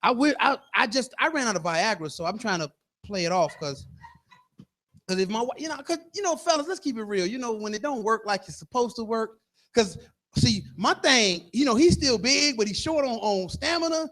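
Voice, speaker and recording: A man in his fifties performing live stand-up comedy in a bar, loud and animated, acting out characters as he goes. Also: very high-pitched, moderate pace. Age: 50s. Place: bar stage.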